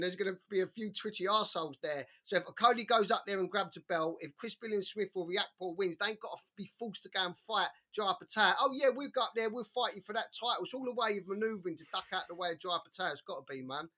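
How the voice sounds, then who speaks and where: A man co-hosting a boxing podcast, talking in an animated, slangy way with plenty of swearing. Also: high voice, fast talker, few pauses. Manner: animated, swearing, slangy, quotes others in put-on voices. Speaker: podcast co-host. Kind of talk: casual podcast chat.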